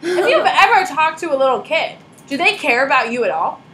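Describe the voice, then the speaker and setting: A woman's voice: high-pitched, expressive, a little fast, noisy background. A young woman teacher giving a chatty classroom lecture, telling stories with sarcastic asides. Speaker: high school teacher.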